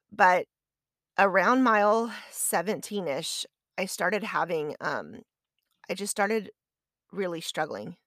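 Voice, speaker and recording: Chatty woman podcaster, low dry voice. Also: fairly bright tone, no echo. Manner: chatty, conversational, self-deprecating. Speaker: podcast host. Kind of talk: casual storytelling.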